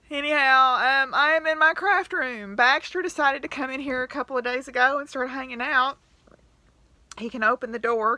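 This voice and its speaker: A woman, talking in a rambling, candid diary vlog with soft laughs and fillers. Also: mid-range voice, no room sound. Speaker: vlogger.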